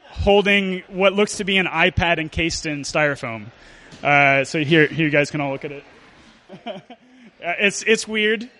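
High bright-voiced guy telling a funny story, lots of uhs and restarts. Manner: halting, filler-heavy. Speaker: storyteller performer. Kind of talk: live comic storytelling, reading aloud.

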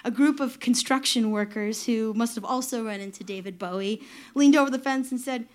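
A woman in her thirties tells a personal story from her own life, her voice sitting high in pitch. She talks in a wry, self-deprecating way. Laughter keeps slipping in between her lines. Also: a little fast. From New York.

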